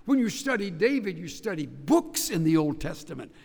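A man teaching a Bible study class, emphatic and animated, walking his listeners through each step. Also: high-pitched, normal speed, creaky, in a large hall.

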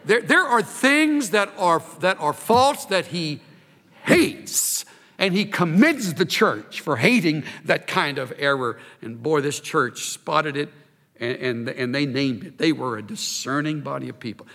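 Animated male preacher in a reverberant hall. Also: a little high, a little slow. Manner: animated, emphatic preaching with rising intensity. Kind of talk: sermon.

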